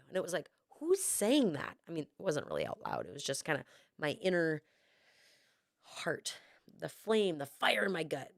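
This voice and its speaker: A woman's voice: fairly low pitch, a bit bright, no room sound. Candid, swearing woman podcaster, dry sound. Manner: candid, swears freely, emotional. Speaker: podcast host. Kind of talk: casual personal monologue.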